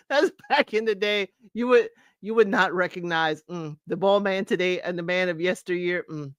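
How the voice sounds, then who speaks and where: A woman's voice: medium pitch, a little slow, dry recording, studio quality. A middle-aged woman hosting a casual talk show, chatting about music, singing bits of songs and laughing often. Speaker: podcast host. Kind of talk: casual chat counting down music.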